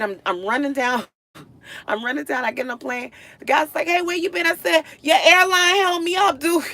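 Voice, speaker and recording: A woman live-streaming, casually telling a story to her viewers. She is animated, dropping to low mutters and then rising to loud, exasperated outbursts.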